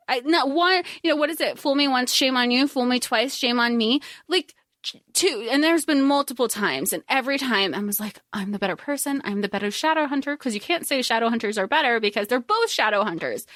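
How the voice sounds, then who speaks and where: A woman's voice: high-pitched, a bit bright, no room sound, studio quality. A woman co-hosting a podcast, animatedly ranting and swearing as she recaps a book. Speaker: podcast co-host. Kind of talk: casual book discussion.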